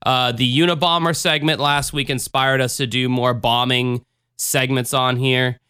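A man's voice: medium pitch, flat delivery, a little slow, pushed and bright, clean tone, no room sound, clean studio sound. A man hosting a podcast in casual chat, rambling and sarcastic, with profane jokes. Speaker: podcast host.

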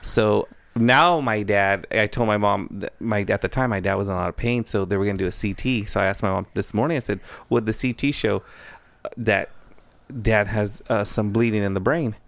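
A man telling a long family story in casual conversation, animated and acting out the dialogue he quotes. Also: on the low side, fairly quick, gravelly, no echo.

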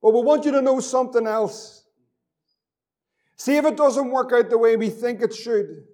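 A man's voice: extremely high pitch, normal speed, a little mellow. A man preaching a fervent sermon as pastor, repeating phrases and reading scripture aloud.

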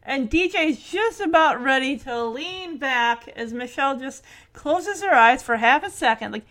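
A woman's voice: sits high, expressive, measured pace, a bit bright. A woman hosting a podcast, chatting casually through an episode recap, laughing often and acting out lines from the scenes.

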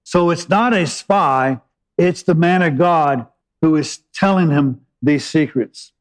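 A man preaching a sermon, retelling scripture with dramatic pauses and plain asides. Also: a little high, low-quality recording.

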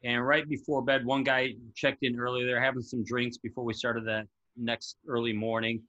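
A man in his forties, a former military instructor, chatting casually and telling stories with lively acted-out quotes. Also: mid-range voice, normal speed, lo-fi sound. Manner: animated storyteller who acts out quotes. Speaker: podcast guest, former Navy SEAL instructor. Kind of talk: casual chat.

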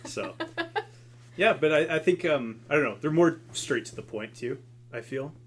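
A man's voice: on the high side, animated, normal speed. A young man co-hosting a podcast, telling stories in a laid-back way with lots of fillers. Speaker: podcast co-host. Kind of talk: casual chat.

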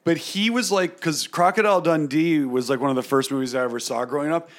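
A man's voice: fairly high pitch, fast. A man co-hosting a podcast, chatting casually in a joking, profane way and laughing often. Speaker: podcast co-host. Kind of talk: casual comedic chat.

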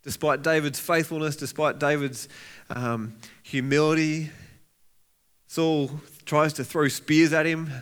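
A man's voice: a little high, fairly even intonation, slow pace, clear, resonant tone. A man preaching a sermon as a pastor, earnest and heartfelt, reading scripture aloud with rising intensity and often restarting his words. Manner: frequent restarts and repeated words.

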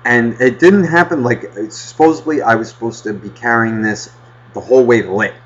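A man casually telling a rambling childhood story on a podcast, swearing constantly and getting animated. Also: mid-range voice, normal speed. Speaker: podcast host. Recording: dull lo-fi podcast audio.

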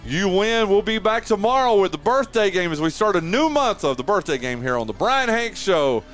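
A man hosting a local radio talk show, signing off in a relaxed, drawn-out way with plenty of "uh" and "man". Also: sits high, faint music behind. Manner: easygoing, drawn-out with many "uh"s and "man"s. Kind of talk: casual radio sign-off and chat. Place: radio studio. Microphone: studio microphone.

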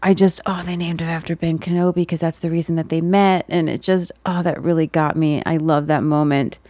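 A woman's voice: low-pitched, fairly quick, no echo. A woman co-hosting a podcast, chatting casually and restarting her sentences as she goes. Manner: chatty, trails off and restarts, animated when recounting. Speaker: podcast co-host. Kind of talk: casual chat.

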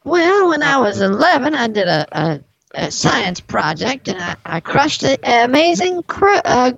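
Husky, creaky woman in absurd banter. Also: sits high, very animated, unhurried. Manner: absurd rambling with stumbles and self-interruptions. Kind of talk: improv comedy banter. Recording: dull lo-fi sound.

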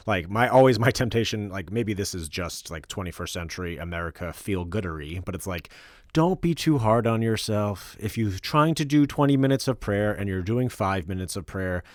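A man hosting a casual podcast conversation, with a lowish voice and easy, joking delivery. He talks loosely, full of fillers and restarts. The sound is dry and close. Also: lively intonation, normal speed, no echo. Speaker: podcast host.

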